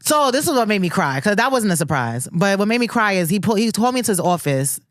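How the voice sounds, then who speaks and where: A woman's voice: medium pitch, big pitch swings, fast talker, dry recording, clean studio sound. A woman, chatting candidly and bluntly on a podcast. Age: 30s. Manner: blunt, profane, candid storytelling. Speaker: podcast co-host. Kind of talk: casual chat.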